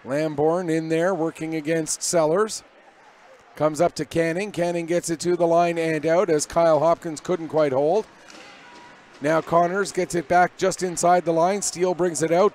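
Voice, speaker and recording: A man doing live hockey play-by-play commentary from above the ice, with rapid, energetic calls that rise on big plays. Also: on the high side, slight background noise. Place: arena broadcast position above the ice.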